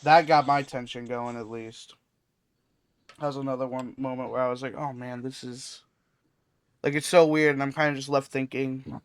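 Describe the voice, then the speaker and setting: A man's voice: medium pitch, steady tone, brisk, clean tone, no echo. A man co-hosting a casual film podcast, easygoing and thinking aloud with hesitant restarts. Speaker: podcast co-host.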